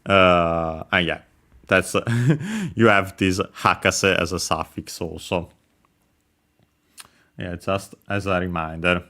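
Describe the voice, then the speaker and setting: A man giving a casual language lesson, explaining slowly with many hesitant pauses and fillers. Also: low-pitched, pushed and bright. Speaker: language teacher.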